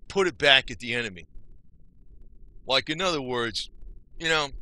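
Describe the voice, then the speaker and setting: An older man from Northeast New Jersey vlogs to the camera in a loose, folksy rant, swearing mildly and asking "you know?" again and again. His voice is mid-range with a sharp tone.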